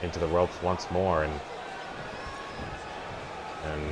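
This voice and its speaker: Give me an excitable low-voiced male commentator. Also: takes it slowly, background noise. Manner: excitable, with startled exclamations and stumbling restarts. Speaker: wrestling commentator. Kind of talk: play-by-play commentary over a wrestling video game.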